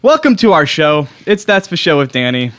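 A man's voice: a little high, sing-song, normal speed, fairly bright tone. A young man hosting a comedy podcast, delivering a dry, self-mocking monologue and chatting casually with his guests. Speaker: podcast host.

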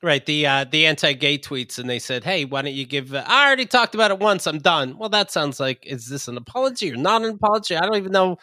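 A man's voice: fairly high pitch, expressive, fast, few pauses, bright, forceful tone, no echo, clean studio sound. A man co-hosting a podcast, telling a story in casual comedic chat, incredulous and profane, with stumbling restarts. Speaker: podcast co-host.

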